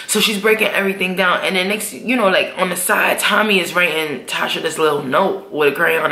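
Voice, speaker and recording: Sharp-voiced woman with gravelly fry. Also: medium pitch, fairly quick, hardly any pauses. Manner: slangy, profane, acts out characters' lines. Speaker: TV episode reviewer. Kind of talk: casual recap vlog. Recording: echoey room.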